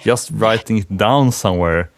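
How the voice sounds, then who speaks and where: A man hosts a programming podcast, holding a casual technical conversation in a thoughtful, hesitant way full of fillers and restarts. His voice is on the low side at a moderate pace, in a dry recording.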